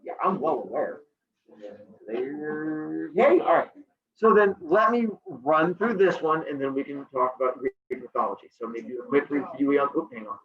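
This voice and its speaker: A man's voice: on the high side, moderate pace. A man teaching a middle school class online, joking with students and acting out silly voices as he reviews. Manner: animated, jokey, acts out silly voices. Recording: echoey, distant, dull video-call audio with faint noise.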